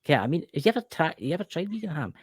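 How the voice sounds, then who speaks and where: A man's voice: fairly high pitch, very animated, racing, breathy edge. A Scottish man co-hosting a casual chat show, ranting animatedly and swearing freely. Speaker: podcast co-host.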